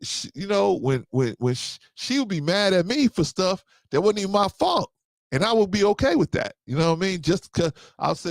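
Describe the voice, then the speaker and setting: A man's voice: sits high, very animated, normal speed, vocal fry, no echo, clean studio sound. A man hosting a casual show, telling personal stories and acting out both sides of the conversations. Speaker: host. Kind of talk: casual storytelling and live chat commentary.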